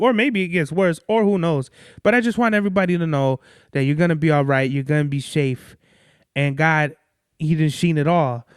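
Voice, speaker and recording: A man's voice: a little high, clean tone, no echo, clean studio sound. A young man, hosting a podcast in a casual monologue. He rambles, swears a lot and keeps losing his train of thought. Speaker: podcast host.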